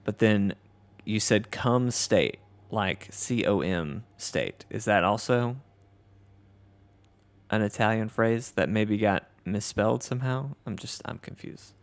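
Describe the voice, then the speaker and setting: Gravelly low-voiced Southern man streaming. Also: a little slow. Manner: easygoing, reads chat aloud, self-deprecating. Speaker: livestream host. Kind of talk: casual gameplay livestream chat.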